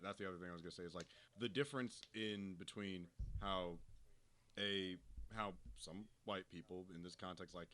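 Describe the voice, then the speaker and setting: A man's voice: deep voice, sharp tone. A man co-hosting a casual film review, blunt and profane, acting out quoted voices and laughing.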